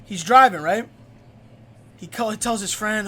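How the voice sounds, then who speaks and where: Brief: young male streamer, excitable and foul-mouthed, rambling storyteller on a desk mic. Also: sits high, a little slow, pauses often. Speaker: live streamer. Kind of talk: casual live-stream storytelling.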